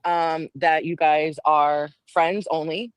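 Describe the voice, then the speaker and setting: A woman's voice: deep voice, steady tone, slow, smooth, no echo. A woman calling into a live stream, chatty and teasing. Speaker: guest caller on a live stream. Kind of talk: casual live-stream chat.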